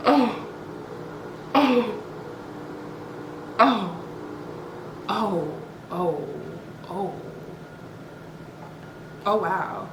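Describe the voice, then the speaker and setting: A woman's voice: medium pitch, very slow, pauses often, roomy sound, noisy background. A young woman vlogger telling a dramatic personal story straight to her viewers, blunt and profane.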